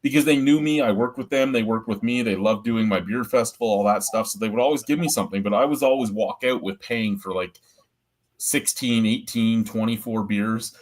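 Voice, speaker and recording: A man's voice: fairly low pitch, fairly quick. A middle-aged man hosting a beer review show, telling stories in a blunt, profane, rambling way. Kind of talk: casual storytelling chat.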